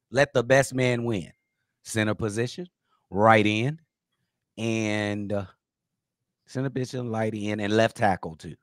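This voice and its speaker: A man co-hosting a podcast, relaxed and joking, with slangy talk. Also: lowish voice, a little slow, long pauses, no room sound, clean studio sound. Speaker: podcast co-host. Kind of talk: casual podcast chat.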